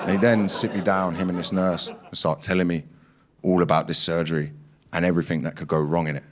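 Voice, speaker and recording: A young man doing stand-up on a club stage, his voice sitting fairly low. He tells the story in a punchy way and acts out the lines of others. A faint hiss of noise sits under the live club recording. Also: level tone, a little fast. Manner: punchy storytelling with acted-out quotes and swearing. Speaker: stand-up comedian. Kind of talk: stand-up comedy set.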